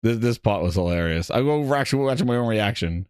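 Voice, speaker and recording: A man hosting a gaming podcast, chatting excitedly, rambling, swearing and cracking himself up. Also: lowish voice, fast talker, smooth, dry recording, studio quality. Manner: rambling, laughs at his own jokes, swears a lot. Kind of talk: excited casual chat.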